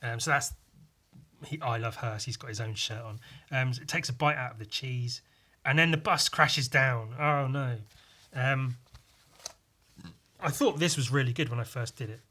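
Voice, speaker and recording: Young guy rambling about his old drawings, swears a lot, bright voice. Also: medium pitch, normal speed. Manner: self-mocking, swearing, rambling. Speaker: vlogger. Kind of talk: casual commentary.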